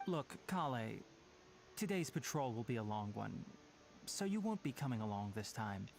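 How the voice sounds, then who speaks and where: A man voicing a calm young male forest ranger who mentors his apprentice, gently stern and caring. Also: medium pitch, normal speed, creaky, slight background noise. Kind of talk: video game dialogue.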